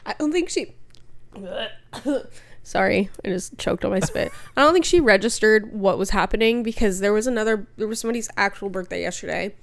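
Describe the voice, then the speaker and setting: A woman's voice: medium pitch, moderate pace, vocal fry. A woman co-hosting a podcast in casual chat. She tells stories with lots of quoted dialogue and swears freely. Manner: animated storytelling, quoting others, swears freely. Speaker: podcast co-host.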